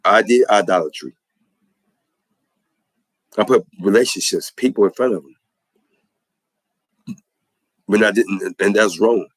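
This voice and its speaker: A man's voice: lowish voice, moderate pace, dry recording, rough recording. A man giving an impassioned religious testimony in a preacherly way, repeating phrases for emphasis.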